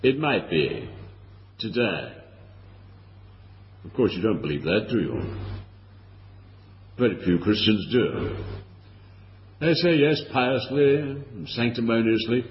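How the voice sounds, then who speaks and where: In a church hall, a man with a lowish, sing-song voice preaches slowly, pausing often. Earnest and pleading, he asks his listeners question after question, captured on a lo-fi recording in a reverberant hall with a little hiss or hum.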